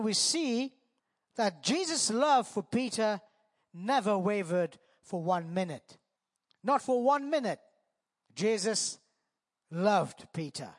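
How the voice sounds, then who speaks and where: A man preaching a sermon, retelling a scripture story with dramatic emphasis on the quoted lines. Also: high voice.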